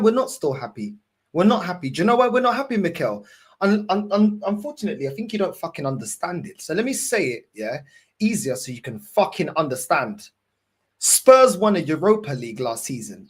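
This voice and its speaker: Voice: mid-range voice, very animated, brisk, husky. A football fan host ranting angrily to camera, swearing and repeating points. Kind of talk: angry fan rant to camera.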